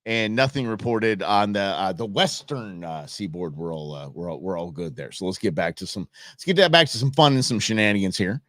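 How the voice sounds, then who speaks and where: A man's voice: sits low, fairly quick, hardly any pauses, a bit bright, dry recording, studio quality. A man hosting a live election-night stream, rambling through casual, jokey commentary with lots of restarts and asides. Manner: jokey, opinionated banter.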